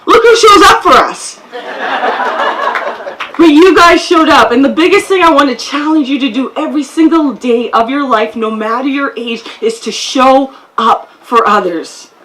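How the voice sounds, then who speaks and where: A woman's voice: high-pitched, normal speed, fairly bright tone, slight background noise, poor audio. A woman from Canada giving a heartfelt, storytelling speech at an outdoor field ceremony. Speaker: guest speaker.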